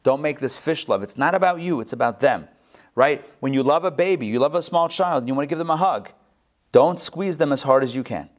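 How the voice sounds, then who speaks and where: A rabbi giving a live Torah class, animated, with joking asides and quick self-corrections. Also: male voice, fairly high pitch.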